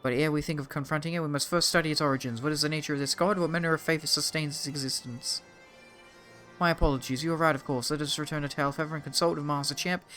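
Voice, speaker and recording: A man's voice: a little high, fairly even intonation, quick pace, sharp tone, soft background music. An Australian man voicing a young, earnest noble scholar. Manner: reading quest dialogue aloud, slightly raised and formal.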